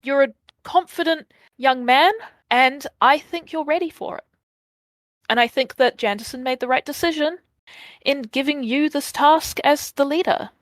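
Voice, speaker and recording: A woman's voice: high-pitched, moderate pace, no room sound, voice pushed up, lightly acted. A woman voicing a theatrical former leader woman who calls people darling, in a tabletop game. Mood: wry. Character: Karen, a stern former leader woman, smoker.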